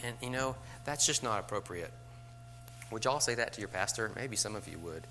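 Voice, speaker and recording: A man's voice: on the low side, expressive, fairly quick, bright, forceful tone, a little hiss or hum. A middle-aged man, a teacher, talking to fellow teachers in a conversational way, with rhetorical asides and light chuckles.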